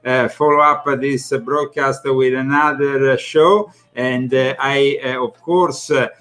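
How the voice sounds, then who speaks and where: A man with an Italian accent hosting a talk show, speaking haltingly with frequent pauses mid-sentence. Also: mid-range voice, steady tone, a bit bright. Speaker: host. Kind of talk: casual talk-show chat.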